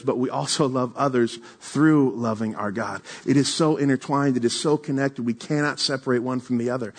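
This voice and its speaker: A young man preaching in a relaxed, conversational way, with a voice of ordinary medium pitch. He slows right down to press a point, then rattles through quick asides to the congregation. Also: breathy edge. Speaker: pastor. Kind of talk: sermon.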